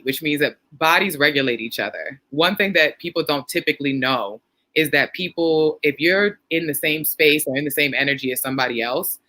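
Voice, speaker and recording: A woman's voice: deep voice, pushed and bright. A woman therapist hosting a casual live chat, speaking frankly and acting out little quoted lines. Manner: frank, reads viewer comments, acts out quotes. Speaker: therapist host.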